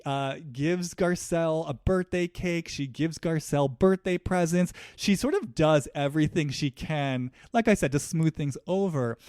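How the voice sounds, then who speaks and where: A man's voice: fairly high pitch, darkish tone, smooth, no room sound, studio quality. A man hosting a solo podcast, talking in a reflective, conversational way, loose with fillers. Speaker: podcast host.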